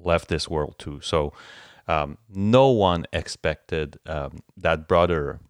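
A man's voice: very deep voice, slow, no echo, clean studio sound. A man hosting an interview in casual conversation, hesitant and full of fillers.

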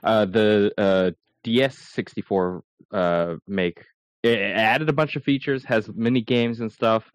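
A man co-hosting a casual gaming podcast, thinking out loud as he explains. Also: lowish voice, a little slow, no room sound. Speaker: podcast co-host.

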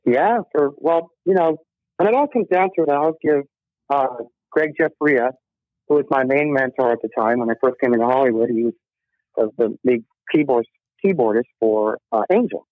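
A man's voice: medium pitch, moderate pace, dry recording. A middle-aged man, a rock musician guest, telling stories in a casual interview, acting out quotes and laughing often. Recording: tinny dry phone line.

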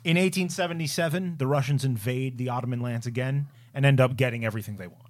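A man's voice: medium pitch, fast talker. A man co-hosting a casual podcast chat, explaining history in detail with emphasis. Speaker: co-host of a history film podcast.

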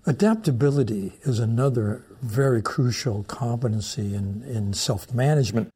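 Mellow, husky male lecturer. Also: medium pitch, lively intonation. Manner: measured, explanatory. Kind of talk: lecture with storytelling.

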